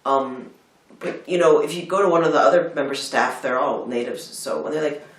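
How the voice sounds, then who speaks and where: Rambling storyteller in an echoey room. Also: male voice, mid-range voice, fairly quick, fairly bright tone. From United States (Philadelphia). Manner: rambling storyteller, acts out quotes. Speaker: film review co-host. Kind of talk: casual chat. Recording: roomy, distant mic.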